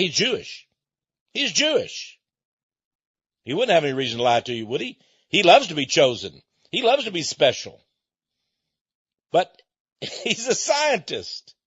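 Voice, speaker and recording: Emphatic husky man, dull lo-fi sound. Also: high voice, sing-song, a bit bright, dry recording. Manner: emphatic, drawn-out stresses, repeats himself, chuckles. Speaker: speaker addressing listeners. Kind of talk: preaching-style monologue. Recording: dull lo-fi recording.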